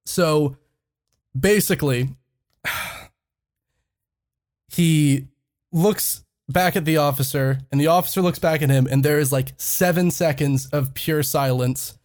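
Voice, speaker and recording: A man's voice: on the high side, slow, pauses often, a little mellow. A young man casually telling a funny story on a podcast, swearing freely and laughing often as he talks. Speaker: podcast host.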